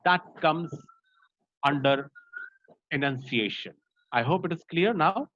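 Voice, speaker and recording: A man's voice: fairly high pitch, expressive, slow pace, a bit bright, no room sound, highs cut off. A man with an Indian accent giving an online class on voice and speech, explaining step by step with many fillers and checks like "right?". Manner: explanatory, frequent "right?" and "uh" fillers, mixes in Hindi. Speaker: voice and speech trainer.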